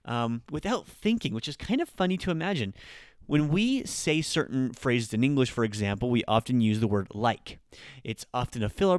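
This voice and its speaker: A man hosting a casual language-lesson podcast, upbeat and jumping higher when he quotes example phrases. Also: darkish tone, smooth, no echo, studio quality. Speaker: podcast host, language teacher.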